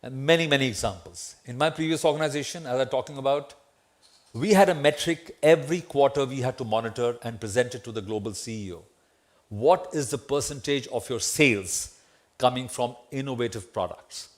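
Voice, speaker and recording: A man's voice: medium pitch, brisk. A middle-aged man with an Indian English accent gives a lecture in an auditorium, asking the audience questions and tagging lines with "right?". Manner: conversational, asks the audience questions, tag "right?". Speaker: guest lecturer. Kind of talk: memorial lecture to students.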